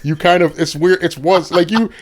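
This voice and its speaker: Podcast co-host, man, agreeable casual talker, a touch high-pitched. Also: normal speed. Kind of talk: casual chat.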